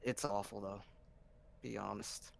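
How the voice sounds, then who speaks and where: A man chatting casually about video games with friends, excitable and quick to swear. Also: on the low side, creaky, slight background noise. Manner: excitable, swears, calls everyone dude. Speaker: stream co-host. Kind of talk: casual gaming chat.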